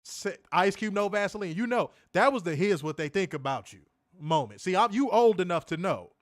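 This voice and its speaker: Livestream wrestling reviewer, male, lively and profane, higher-pitched, dry mic. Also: brisk, dry recording. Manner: animated, profane, slangy, reads chat aloud.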